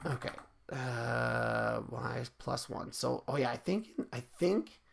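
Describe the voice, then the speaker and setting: A man with a deeply gravelly, fry-heavy voice talks slowly through a casual live-coding stream. He thinks aloud, keeps catching and fixing his own slips, and chats easily with his viewers. Faint keyboard typing and clicks sit behind him. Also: background noise. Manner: thinks aloud, often corrects himself mid-sentence; relaxed and chatty with viewers. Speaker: streamer teaching game coding.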